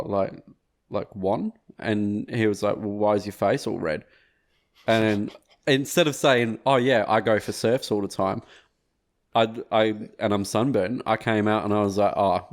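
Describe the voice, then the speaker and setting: A young man with an Australian accent chats as a podcast guest in a slightly low voice. He is laid-back and mocks himself, laughing easily and swearing now and then. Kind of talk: casual chat.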